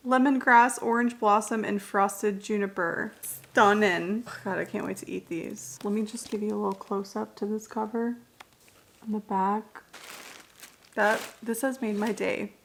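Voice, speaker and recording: A woman's voice: mid-range voice, fairly even intonation, measured pace, vocal fry, a little hiss or hum. A young woman in her twenties chatting casually on her reading vlog at home, blunt and full of fillers, with some swearing. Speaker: book vlogger.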